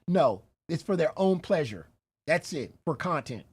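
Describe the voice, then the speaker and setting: A woman's voice: sits low, very animated, measured pace, darkish tone, slightly rough. A woman reaction streamer talking bluntly and incredulously in casual commentary, swearing and laughing often.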